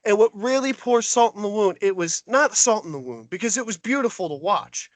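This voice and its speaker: Brief: male podcast co-host, high voice, dry close sound, fired-up exasperated ranting. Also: expressive, brisk, no room sound. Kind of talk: heated sports rant.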